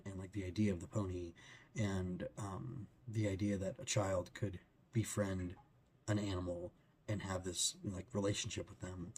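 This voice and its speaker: A man's voice: sits low, a little mellow, husky. A man talking through a book chapter in a loose, rambling way, with many fillers and restarts. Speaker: book reviewer. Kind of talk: casual book discussion.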